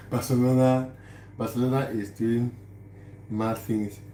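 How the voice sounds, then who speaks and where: A man hosts a casual live stream, saying hello to viewers while chatting and laughing easily. He talks slowly in a mellow, mid-range voice with little pitch movement, and the room sounds echoey with faint background noise.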